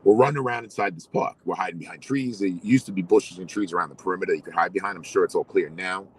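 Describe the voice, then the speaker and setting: A middle-aged man hosting, telling a story in casual, animated chat. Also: deep voice, quick pace, a little hiss or hum, poor audio. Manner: animated, swearing, storytelling with quoted voices. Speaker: host.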